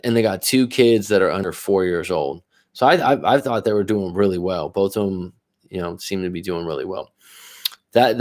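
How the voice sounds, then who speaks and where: Male coach, lowish voice, swears freely, rambles through an anecdote for a live stream. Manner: rambling, profane, self-interrupting. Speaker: life coach. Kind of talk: casual storytelling on a live stream.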